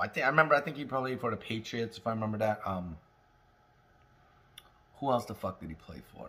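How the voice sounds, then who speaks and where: A man hosting a casual cannabis talk, high and rambling, swearing freely, joking and coughing between lines. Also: fairly bright tone. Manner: rambling, profane, jokey, with laughs and smoker's coughs. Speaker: cannabis review host. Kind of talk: casual stoned monologue.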